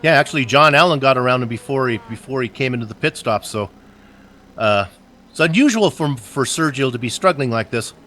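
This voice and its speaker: A man's voice: mid-range voice, expressive, fairly quick, pushed and bright. A man doing casual, joking color commentary on a sim race, chatty and full of asides.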